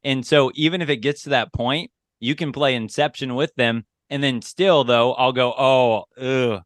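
A man's voice: mid-range voice, moderate pace, fairly bright tone, no room sound. A man with a mid-range voice chats on a podcast, laughing often and restarting his sentences. His delivery is loose and conversational. The sound is close and dry. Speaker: podcast co-host. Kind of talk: casual podcast chat.

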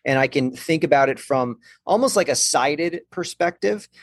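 A man's voice: fairly high pitch, animated, moderate pace, no echo. A man, a guest expert, giving a conversational explanation of balance and the brain, thoughtful, with many restarts.

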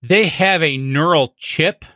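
Bright-voiced man agreeing on a podcast. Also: on the high side, no echo, clean studio sound. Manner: measured, agreeable, hesitant restarts. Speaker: podcast co-host. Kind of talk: casual tech podcast chat.

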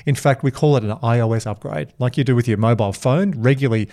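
A man's voice: medium pitch, fast, mellow. A man hosting a casual podcast conversation. He talks with energy and slips into little acted-out quotes as he tells his stories. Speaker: podcast co-host.

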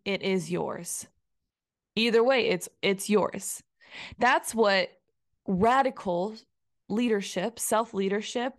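A woman hosting a podcast, speaking casually in a motivational solo talk and acting out inner voices with playful asides. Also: mid-range voice. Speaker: podcast host.

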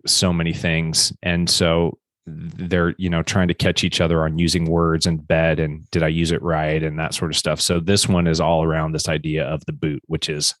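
A middle-aged man from the United States, co-hosting a podcast as an emphatic, animated storyteller. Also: rumbling low, normal speed, dry recording, clean studio sound. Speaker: podcast co-host. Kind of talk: casual chat.

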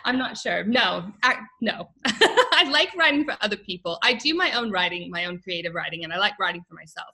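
An American woman with a bright, forward voice chats as an interview guest. She is animated and laughs often between her sentences, and her pitch sits in the middle of the range. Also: brisk, gravelly, low-quality recording. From United States. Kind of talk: casual interview chat.

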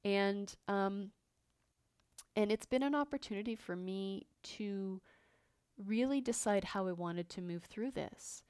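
A woman's voice: medium pitch, takes it slowly, darkish tone, smooth, no echo. Woman, fifties, podcast host, personal storytelling, candid, reflective, restarts and fillers, dry close sound. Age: 50s.

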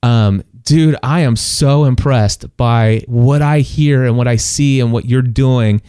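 A middle-aged man tells a personal story in a loose, conversational way, stumbling over restarts and breaking into laughs. His voice is mellow and mid-pitched. The sound is close and dry. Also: slow pace, clear, resonant tone, no echo. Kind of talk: casual testimony chat.

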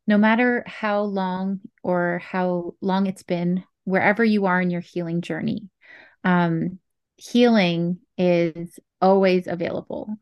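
A woman's voice: fairly low pitch, fairly even intonation, slow pace, clear, resonant tone, dry recording, muffled recording. A woman from Canada, a guest on a podcast interview, speaking in an affirming, encouraging way. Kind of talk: warm conversational interview.

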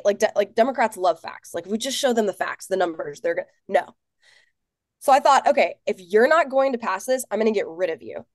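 A woman in her thirties from Tennessee, a political organizer telling her story as a guest in an office, earnest and animated with lots of fillers. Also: medium pitch, no echo, clean studio sound. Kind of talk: casual interview.

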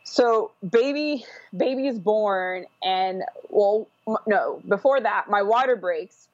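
A woman's voice: medium pitch, slow, darkish tone, dry recording. Woman rambling through a personal story. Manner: rambling, with frequent fillers and restarts. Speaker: guest telling her birth story. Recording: dull, dry podcast audio.

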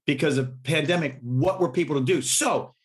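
Speaking at an ordinary pace, a middle-aged man with a voice on the higher side recounts stories as a musician guest in an easygoing interview. He laughs often and acts out the quotes with lively energy.

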